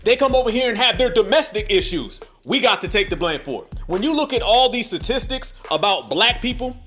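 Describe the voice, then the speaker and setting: A man with a strikingly high voice delivers a heated social commentary rant. He talks in an emphatic, sing-song way and circles back to mocking repeated phrases. Faint music plays under him. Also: expressive, a little fast, a bit bright. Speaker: commentary channel host.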